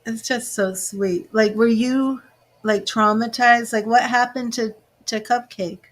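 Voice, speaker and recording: A woman's voice: a little high, fairly even intonation, a little slow. A woman giving live psychic medium readings, chatty and emotional, with many fillers. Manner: emotional, gushing, tearful at times. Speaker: tarot reader and psychic medium.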